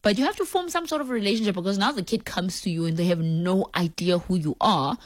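A woman's voice: medium pitch, fast talker, no room sound. A woman hosting a casual talk show. She reads listener messages, laughs often and acts out scenes with her family. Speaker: radio talk show host. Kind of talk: casual on-air chat, reading listener messages.

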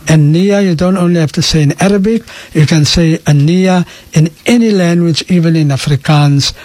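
A man, a sheikh calmly explaining answers to listener questions on a radio call-in show, dropping in Afrikaans phrases. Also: fairly high pitch, normal speed, dry recording. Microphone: radio studio microphone.

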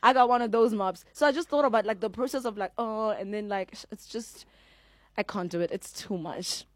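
A South African woman co-hosting a show in animated, playful casual chat. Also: medium pitch, brisk, no room sound, studio quality. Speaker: radio co-host.

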